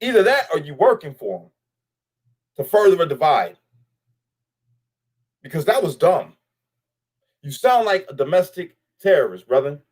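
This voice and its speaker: A man's voice: fairly high pitch, big pitch swings, moderate pace, pauses often, darkish tone. A man delivering a blunt, profane commentary straight to camera, addressing someone directly and repeating lines for emphasis. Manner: blunt, profane, speaks straight to the person he criticizes. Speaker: vlogger.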